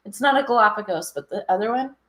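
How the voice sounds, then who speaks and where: A woman's voice: medium pitch, quick pace, fairly bright tone, a little hiss or hum. A woman co-hosting a casual live-stream chat, bubbly and enthusiastic. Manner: bubbly, enthusiastic, laughs often. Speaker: co-host. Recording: echoey room.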